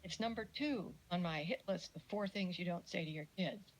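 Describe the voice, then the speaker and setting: A middle-aged woman giving a casual lecture on parenting, chatty and animated, with jokey asides and little acted-out quotes. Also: lowish voice, normal speed, slight background noise, low-quality recording. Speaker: speaker giving a talk on parenting.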